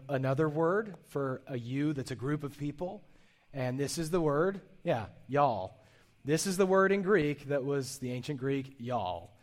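Man preaching an earnest conversational sermon. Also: mid-range voice. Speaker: pastor.

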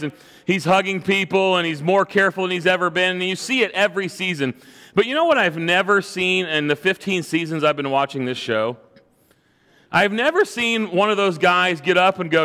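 A pastor preaching a sermon in a loose, conversational storytelling manner from a church stage microphone. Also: male voice, sits high, fairly quick, sharp tone, big-room sound. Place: church sanctuary.

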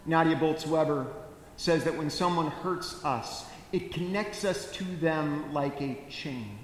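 A man preaching a sermon as pastor, telling the story with animated, wry comic asides. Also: on the high side, slow. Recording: echoey church hall with faint noise.

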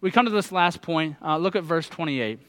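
A man's voice: a little high, expressive, a little fast, a bit bright. A man in his thirties preaching a sermon, earnest and putting direct questions to his listeners. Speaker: pastor.

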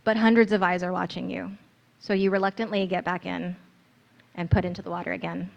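A woman's voice: lowish voice, little pitch movement, brisk, vocal fry, highs cut off. A woman narrating a guided scripture meditation in the second person, in an earnest, storytelling manner.

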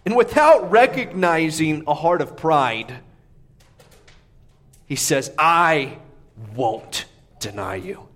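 A pastor preaching to his congregation, with a voice pitched high for a man. He leans hard on key phrases, swinging from hushed, low asides to raised, emphatic declarations. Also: lively intonation, slow pace, long pauses. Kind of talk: sermon.

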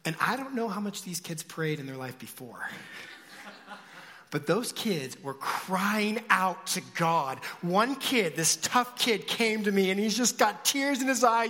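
A male pastor preaching a sermon, telling stories with big swings from loud shouts to hushed whispers. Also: sits high, lively intonation, unhurried. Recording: long hall reverb.

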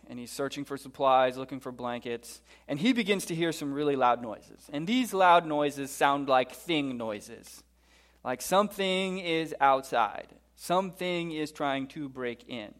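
A man preaching a sermon, retelling a horror movie plot in an animated storytelling way and acting out the characters' lines. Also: medium pitch. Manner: storytelling, animated, acts out quotes.

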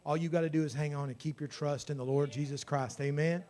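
A man's voice: fairly high pitch, steady tone, fast, few pauses, a little mellow. A man, a pastor telling a story in his sermon and then praying with fervour. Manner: storytelling that builds to fervent praying.

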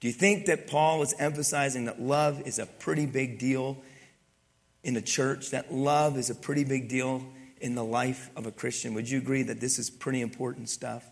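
A man preaching a sermon as pastor, reading scripture with emphasis, dropping into quiet asides and light jokes. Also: mid-range voice, moderate pace, creaky. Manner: animated preaching, swings from loud emphasis to quiet asides, joking.

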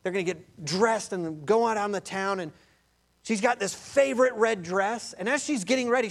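Male pastor with a high, lively sermon delivery and a storyteller's energy. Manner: animated storytelling, addresses listeners as beloved.

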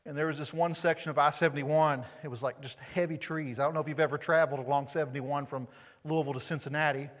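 Conversational pastor preaching in a reverberant hall. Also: male voice, a little high, fairly even intonation, fast talker. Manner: conversational preaching with rhetorical questions to the congregation. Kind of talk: sermon. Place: church sanctuary.

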